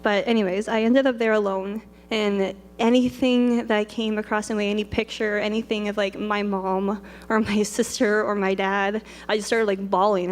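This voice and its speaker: A woman's voice: mid-range voice, steady tone, moderate pace, few pauses. A young woman telling a personal story in a chatty, rambling way. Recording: long reverb.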